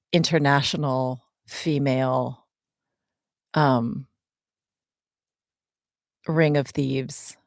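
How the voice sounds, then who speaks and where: A woman's voice: very deep voice, creaky, no room sound, clean studio sound. A woman in her forties, co-hosting a podcast and answering fan questions in a chatty way, with many ums and small laughs. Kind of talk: casual podcast chat.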